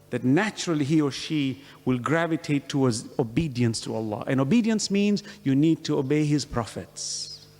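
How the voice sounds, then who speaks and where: A man's voice: on the high side, animated, moderate pace, a little mellow. A man giving an earnest religious lecture, asking questions and acting out conversations to make his points. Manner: earnest, questioning, acts out dialogue. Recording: long hall reverb.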